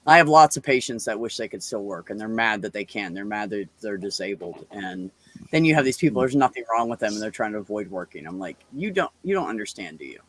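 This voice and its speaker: A man in casual chat with a co-host, telling animated stories and swearing freely. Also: on the low side, fast. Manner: animated storyteller, swears freely, acts out quotes. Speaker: podcast co-host; medical office worker.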